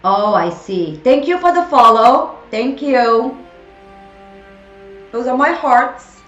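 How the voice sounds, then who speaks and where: A French woman in her forties chats playfully with her stream viewers, teasing them by name as she responds to live chat. Her voice sits high and animated at a slow pace. The recording is muffled and echoey, with faint music in the background.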